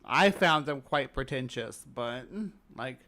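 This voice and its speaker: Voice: mid-range voice, slow pace, pushed and bright. A live stream host from Missouri with a slight Southern accent, rambling casually with many fillers while reacting to videos.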